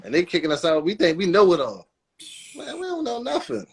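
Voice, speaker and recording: Man from Maryland, co-host, relaxed slangy chat, chuckles, fairly high voice. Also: a little fast, gravelly, slightly rough. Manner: laid-back, chuckling, slangy. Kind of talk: casual talk-show chat.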